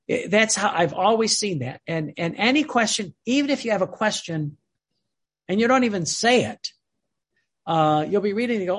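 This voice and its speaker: Husky-voiced earnest devotional teacher. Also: mid-range voice, lively intonation, moderate pace. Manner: earnest, repeats and restarts phrases. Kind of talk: informal religious teaching.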